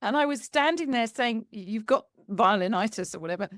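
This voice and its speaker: A woman hosting a conversation, telling a lively anecdote and acting out the dialogue as she goes. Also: fairly high pitch, a little fast, dry recording, clean studio sound. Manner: animated, acts out quoted dialogue with laughter. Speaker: podcast host. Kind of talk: storytelling in conversation.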